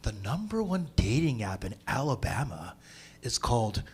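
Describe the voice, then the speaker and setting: A man in his forties doing a deadpan stand-up set on an open-mic stage. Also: mid-range voice, moderate pace. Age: 40s. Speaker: stand-up comic. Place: comedy club stage.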